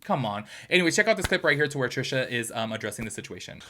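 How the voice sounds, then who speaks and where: A man's voice: mid-range voice, sing-song, racing, sharp tone, a little hiss or hum. A man hosting a drama commentary channel, talking bluntly and chattily with strong opinions.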